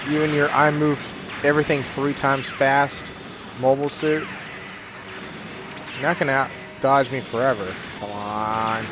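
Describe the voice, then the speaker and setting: A man's voice: mid-range voice, unhurried. Jokey man commenting over game music. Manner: jokey, rambling, bursts of loud excitement. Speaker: gaming YouTuber. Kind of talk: gameplay commentary.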